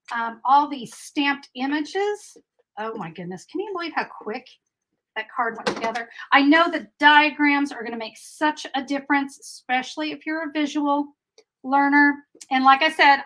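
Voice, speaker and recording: A middle-aged woman hosts a live card-making tutorial in a high, bright voice. She chats to her viewers as friends, upbeat and warm in her words. The talk is loose and friendly, full of little asides. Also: low-quality recording. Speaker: paper craft host.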